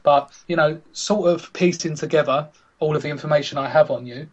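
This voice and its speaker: A man's voice: a little high, fairly quick, slightly rough, lo-fi sound. A man hosting a casual podcast chat, teasing his co-hosts and setting up scenarios. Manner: teasing, chatty, sets up scenarios. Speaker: podcast host.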